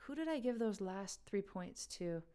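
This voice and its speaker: A woman's voice: mid-range voice, expressive, normal speed, warm tone, clear, resonant tone. A woman hosting a live music quiz game, chatting casually with viewers and laughing often. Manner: chatty, laughing, talks to chat. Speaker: livestream game host. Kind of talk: casual livestream chat.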